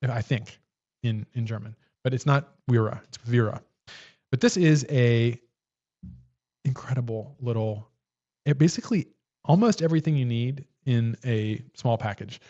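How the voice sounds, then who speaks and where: In a mellow, mid-range voice at normal speed, this male co-host chats casually on a livestream. His delivery is rambly as he shows off and demonstrates tools on camera, with dull lo-fi sound.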